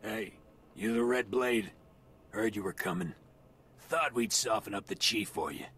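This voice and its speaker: An actor playing a cocky gang thug in a video game, talking casually. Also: male voice, on the low side, unhurried, a bit bright, slight background noise. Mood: offhand. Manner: casual, offhand.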